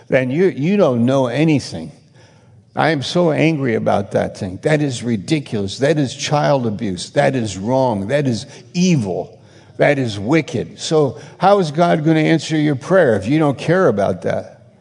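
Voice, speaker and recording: A man's voice: mid-range voice, animated, normal speed, gravelly, darkish tone, big-room sound. A man preaching a sermon, emphatic and repetitive, pressing his rebukes with growing intensity.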